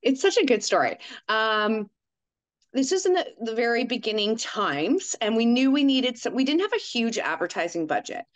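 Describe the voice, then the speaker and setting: Lady on a podcast, chatty and upbeat, thinks out loud. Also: fairly high pitch, big pitch swings, normal speed, poor audio. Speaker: podcast co-host. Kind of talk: casual storytelling chat.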